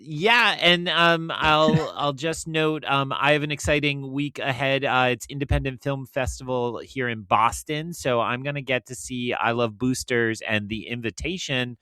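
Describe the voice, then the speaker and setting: A man hosting a laid-back film podcast, chatting and joking with his co-hosts. His voice sits at a medium pitch and is recorded close, with a dry, deadened sound. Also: measured pace, few pauses, sharp tone, smooth, no echo. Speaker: podcast host. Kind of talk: casual chat.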